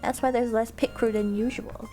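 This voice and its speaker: A woman's voice: on the high side, steady tone, normal speed, music in the background. A woman streamer chatting casually with her viewers, rambling into tangents and laughing often.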